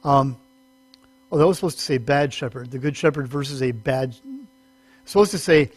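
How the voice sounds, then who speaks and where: A man's voice: normal speed, breathy edge. A man preaching a teaching sermon in a conversational way, correcting himself as he goes and lifting his voice for emphasis. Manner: conversational, self-correcting, rises in pitch for emphasis. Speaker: pastor.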